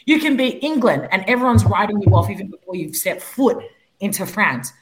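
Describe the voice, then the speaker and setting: A woman guesting on a rugby podcast as a pundit, animated and opinionated. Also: medium pitch, fairly quick, music in the background, poor audio. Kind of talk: casual podcast chat.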